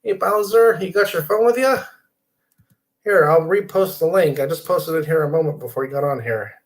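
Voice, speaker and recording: Gravelly middle-aged man hosting a live stream. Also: a little high, moderate pace. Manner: rambling, reads viewer comments aloud and invites callers in. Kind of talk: casual live-stream chat. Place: home computer desk.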